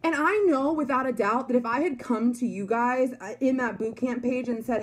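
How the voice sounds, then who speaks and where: Young woman, slightly high voice, chatty motivational vlogger. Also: normal speed, hardly any pauses, a little hiss or hum. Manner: chatty, emphatic, many likes and you guys. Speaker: network marketer. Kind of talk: motivational talk to followers.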